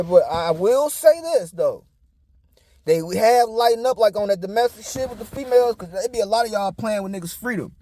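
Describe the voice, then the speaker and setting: Blunt, profane man with a high voice. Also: expressive, moderate pace, mellow. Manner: blunt, profane, preachy street talk. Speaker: commentator. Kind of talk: casual monologue.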